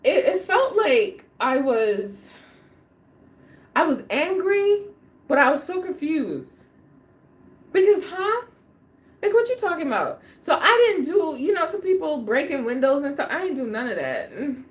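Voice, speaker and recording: A woman's voice: high voice, big pitch swings, a little slow. A woman hosting a livestream, telling a personal story in casual slang and laughing often. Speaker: livestream host.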